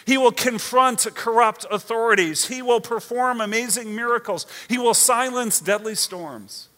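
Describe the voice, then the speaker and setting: A male preacher with a high, bright voice delivers a conversational sermon. He mixes scripture reading with playful asides and keeps checking in with his listeners. His voice rings out in a hall with a long tail of reverb. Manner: expressive, conversational, asks the audience "right?". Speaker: pastor.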